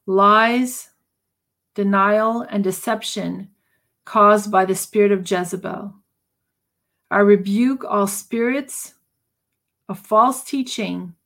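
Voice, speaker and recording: A woman co-hosting a Christian broadcast, reading a deliverance prayer slowly and deliberately so listeners can repeat it. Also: medium pitch. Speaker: co-host.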